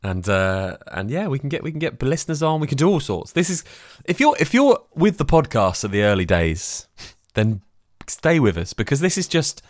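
A man co-hosting a podcast in relaxed, rambling chat. His pitch moves a lot as he gets excited. The recording is dry and close. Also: moderate pace, no echo. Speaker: podcast co-host. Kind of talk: casual chat.

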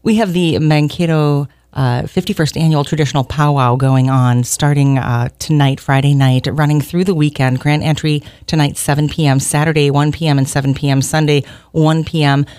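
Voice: mid-range voice, fairly even intonation, normal speed, few pauses, a little mellow, smooth, no echo. A host around fifty, with a mid-range voice, asks long, looping questions and keeps affirming the guest. It sounds like a radio interview recorded in a studio. The sound is dry and close. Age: 50s. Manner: affirming, rambling questions with fillers.

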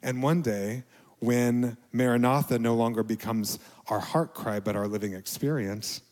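A middle-aged male pastor giving a reflective, confessional sermon, with quiet dips to near a whisper. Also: medium pitch, steady tone, a little slow, big-room sound.

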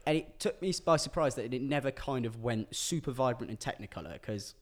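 A male podcast co-host gives his take on an album in relaxed conversation. His voice sits at an ordinary middle pitch. He pokes fun at himself when he stumbles over his words. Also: a little fast. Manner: self-deprecating, easygoing, restarts when tongue-tied. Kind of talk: casual music review chat.

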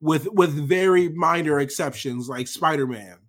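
A man with a notably high speaking voice co-hosts a casual podcast chat. He rants in an animated, emphatic and profane way, pressing his points hard. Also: normal speed. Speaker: podcast co-host.

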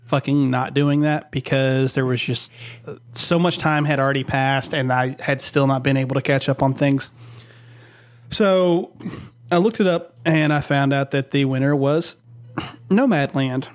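A man hosting a casual podcast, talking slowly and haltingly with many fillers, recorded on a home microphone over voice chat. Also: fairly high pitch, smooth, dry recording. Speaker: podcast host.

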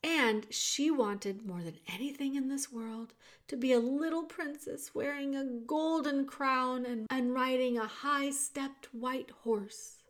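A woman reading a children's novel aloud in a slow, measured way. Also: sits high, a bit bright. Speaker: reader.

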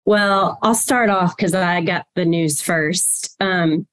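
Woman guest telling a big story, animated, acts out what people said. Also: on the low side, takes it slowly. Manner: animated, emotional retelling with quoted dialogue. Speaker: podcast guest. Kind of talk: storytelling in a casual interview.

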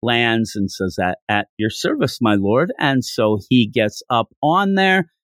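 A man hosting a podcast, recapping a manga chapter in a jokey, animated way. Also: mid-range voice, no echo, studio quality. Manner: animated, jokey, laughs while retelling. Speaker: podcast host.

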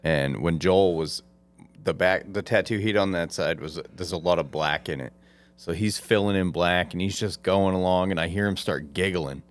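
A man hosting a podcast who tells anecdotes in a lively, swear-laden casual way. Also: low-pitched, moderate pace. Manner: animated anecdote-telling, profane.

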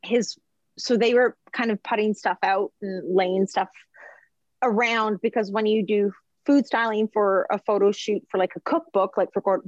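A woman chatting casually as a podcast guest, telling stories in an animated, rambling way and dropping in lots of fillers. Her voice is mid-pitched and sits close to the mic with no room sound. The recording is slightly dull and lo-fi. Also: no echo. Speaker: chef and food journalist, podcast guest. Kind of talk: casual storytelling chat.

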